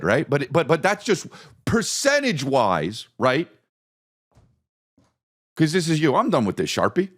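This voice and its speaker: At normal speed but with long pauses, the podcast host works through a funny story, animatedly performing each quoted voice, his own included, with large pitch leaps.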